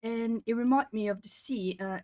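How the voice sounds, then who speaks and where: A woman's voice: fairly high pitch, normal speed, darkish tone, no echo. A young woman from Brazil, a Portuguese native speaker, chatting casually on an art stream while colouring and reading out chat. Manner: chatty, rambling, reads chat aloud.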